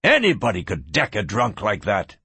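A scornful outlaw ranch boss, as a man reading a western puts him on, snapping his words out dismissively. The husky voice sits dry and close to the mic. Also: on the low side, huge pitch swings, moderate pace, sharp tone, dry recording, voice pushed down, exaggerated voice.

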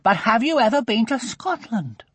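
A man voicing a bossy, blunt young schoolgirl in an audiobook, with a husky edge. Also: very high-pitched, sing-song, moderate pace, no echo, pitched above the performer's own voice, exaggerated voice. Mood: eager. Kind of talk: audiobook character reading.

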